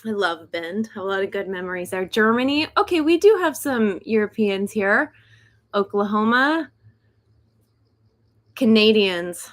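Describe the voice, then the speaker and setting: A woman's voice: medium pitch, expressive, a little slow. A young adult woman hosting a casual livestream from her home, chatty and a little nervous, laughing often. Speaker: host of a decluttering channel, author. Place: home in South Korea.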